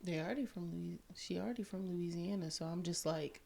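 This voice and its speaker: A woman chats easily on a podcast, mostly with short agreements and quick asides. Her voice is low, gravelly and husky. She sounds relaxed. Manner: laid-back, brief affirmations and asides. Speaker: podcast co-host. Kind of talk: casual chat.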